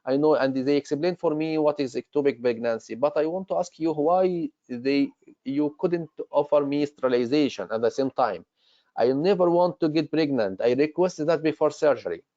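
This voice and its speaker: A man's voice: a little high, animated, moderate pace, mellow, no room sound, lightly acted. A man voicing an insistent woman patient recovering from surgery, in an exam role-play lesson, read plainly in his own voice. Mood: pleading. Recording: dull lo-fi recording.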